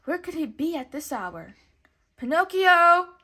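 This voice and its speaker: A woman's voice: sits high, sing-song, normal speed, fairly bright tone, breathy edge, pitched above the performer's own voice, full character voice. A woman doing a worried old woodcarver. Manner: anxious, calling out.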